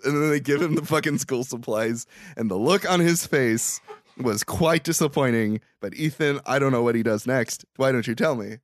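A man's voice: mid-range voice, lively intonation, brisk, a bit bright, no echo, studio quality. A man hosting a podcast, recapping an old movie in casual chat, swearing, laughing and acting out the characters' lines. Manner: crude, laughing, acts out movie lines in voices. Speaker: podcast host.

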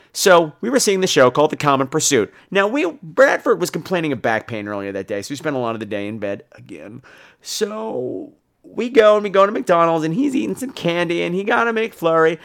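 A man's voice: fairly high pitch, sing-song, brisk, fairly bright tone. A man hosting a podcast, telling a profane, theatrical comic story. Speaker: podcast host.

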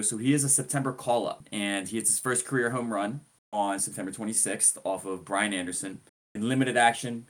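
A man co-hosting a podcast, giving an enthusiastic, rambling recap of a player's career. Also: on the low side. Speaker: podcast co-host. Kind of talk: casual sports podcast chat.

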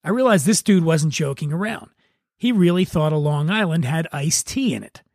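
Man reading a bar story aloud, wry and relaxed. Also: on the high side, moderate pace, no echo, studio quality. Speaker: podcast host.

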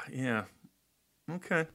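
A man chatting loosely on a podcast, with a bright, forward voice. His pitch jumps around a lot as he jokes. He swears casually and breaks into laughter often. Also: expressive, extremely slow. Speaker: podcast host. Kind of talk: casual chat.

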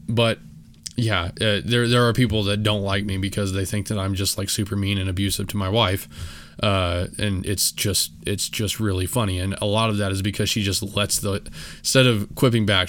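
A man's voice: fairly low pitch, flat delivery, normal speed, fairly bright tone. A young man talking casually on his solo podcast, rambling with many fillers and restarts, and poking fun at himself. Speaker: podcast host.

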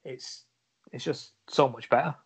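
A man's voice: medium pitch, unhurried, slightly rough. A man, a wrestler guest on a podcast, telling a long story with lots of fillers and restarts. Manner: rambling anecdotes with many fillers and restarts. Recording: dull lo-fi audio.

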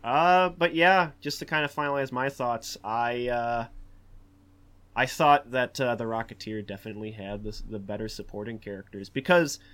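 A man leads a relaxed film discussion in an ordinary, mid-range voice. He rambles through fillers and restarts, then turns animated. His delivery is loose and conversational. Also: medium pitch, moderate pace, smooth. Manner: animated, acts out quotes in a raised voice. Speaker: podcast host.

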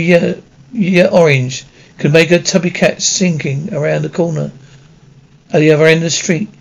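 A man reading a children's novel aloud as an amateur audiobook, halting, with frequent slips and restarts. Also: on the high side, vocal fry. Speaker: audiobook reader. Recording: dull lo-fi recording.

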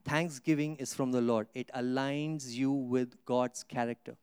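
A man, a pastor, preaching a sermon, asking the congregation questions and swinging between quiet low asides and loud, drawn-out Scripture reading. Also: steady tone, clear, resonant tone, dry recording.

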